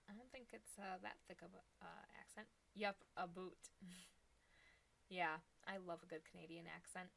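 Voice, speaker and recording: A woman's voice: fairly low pitch, creaky, a bit bright. A young woman with an Upper Midwest accent, hosting a casual live shopping stream, chatty and giggly as she talks to viewers. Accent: Upper Midwest American.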